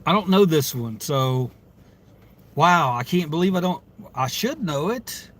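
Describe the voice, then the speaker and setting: This livestream host's voice is a little high, with lively intonation and an unhurried pace. Reading viewers' stories from the comments, he rambles in exasperation and swears freely in casual chat.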